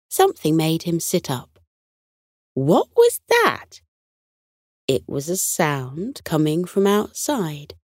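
A woman narrates a children's bedtime story at a slow, unhurried pace, her pitch gently rising and falling with the tale. The recording is close and dry, with no room sound. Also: no echo. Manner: soothing, unhurried and expressive.

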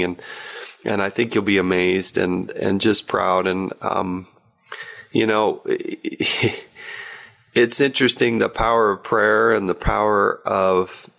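A man hosting a podcast, speaking in a halting, heartfelt way with many restarts while choked up. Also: fairly low pitch, creaky, fairly bright tone. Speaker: podcast host. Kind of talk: emotional interview wrap-up.

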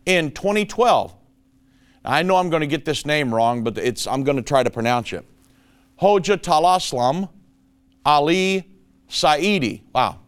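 A man's voice: mid-range voice, moderate pace, clear, resonant tone. A man hosting a prophecy commentary show, talking emphatically and calling his listeners folks. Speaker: show host.

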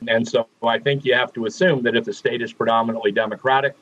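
A man from Pennsylvania, a guest on a radio interview, explaining things in a measured way with frequent "uh" fillers. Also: mid-range voice, fairly even intonation, fairly bright tone, no room sound, lo-fi sound. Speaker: political analyst guest.

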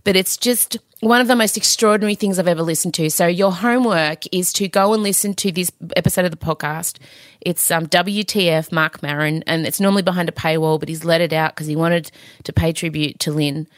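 A woman's voice: fairly low pitch, steady tone, brisk, dry recording. A tired woman hosting a podcast from home, talking frankly and emotionally in a rambling way. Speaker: podcast host. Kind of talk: candid podcast chat. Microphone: podcast microphone.

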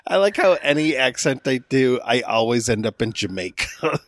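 A man's voice: mid-range voice, animated, moderate pace, fairly bright tone, dry recording, clean studio sound. Playful, joking man podcast co-host. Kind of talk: casual chat.

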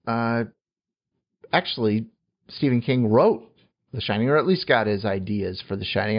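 Man co-hosting a podcast, halting delivery. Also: medium pitch, highs cut off. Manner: halting, full of fillers and joking asides. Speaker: podcast co-host. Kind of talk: casual podcast chat.

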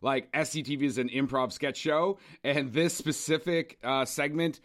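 A man's voice: fairly high pitch, steady tone, normal speed, fairly bright tone. A man co-hosting a casual podcast, rambling and restarting his words. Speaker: podcast co-host. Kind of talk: casual chat. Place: Cambridge, Ontario.

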